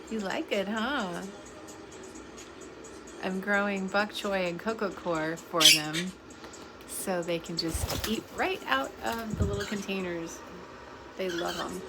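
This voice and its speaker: A young woman casually narrating a vlog about her pet birds at home. She laughs often and coos to them in a high sing-song voice. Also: takes it slowly, over loud music. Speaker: pet bird vlogger. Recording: loud bird chirping noise behind.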